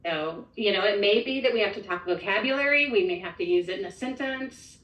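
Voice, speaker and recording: A woman's voice: mid-range voice, brisk, far from the mic, lo-fi sound. A woman trainer modeling a phonics lesson, explaining each step methodically. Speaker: literacy trainer. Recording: echoey room from off-mic.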